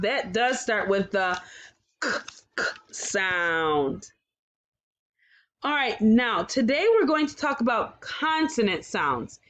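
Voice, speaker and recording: Very slow, encouraging kindergarten teacher. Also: female voice, medium pitch, fairly bright tone. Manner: encouraging, exaggerated sing-song praise and questions. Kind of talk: slow, clearly enunciated phonics lesson for young children.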